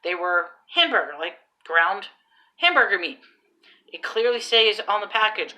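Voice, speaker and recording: Bright-voiced woman telling a retail story. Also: mid-range voice, animated, normal speed. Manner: chatty, amused, self-deprecating. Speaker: retail worker. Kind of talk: casual storytelling to camera.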